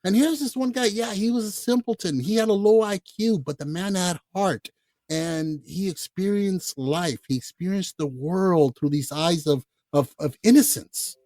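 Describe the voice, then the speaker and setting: A man co-hosting a podcast, talking casually about films in a blunt, profane, animated way. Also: high-pitched, moderate pace, dry recording. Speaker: podcast co-host. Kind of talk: casual film chat.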